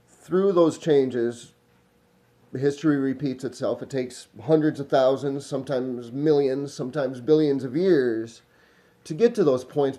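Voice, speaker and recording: Guy, loose rambling vlog monologue, warm low-key tone, drifts and trails off. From Minnesota. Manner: meandering, smoking while talking, trailing off. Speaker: vlogger.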